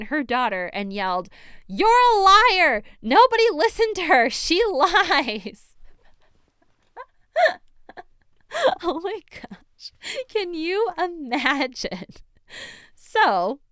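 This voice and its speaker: A woman's voice: medium pitch, fairly bright tone, clear, resonant tone, dry recording, clean studio sound. A young woman hosting a true crime podcast, telling the story in a chatty, casual way with frequent laughter and emphatic asides.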